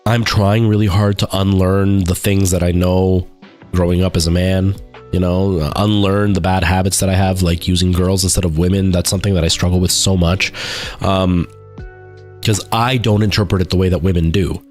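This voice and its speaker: A man's voice: sits low, level tone, normal speed, darkish tone, faint music behind. A man talking casually on his live stream, telling a rambling story with many fillers and restarts. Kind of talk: casual chat.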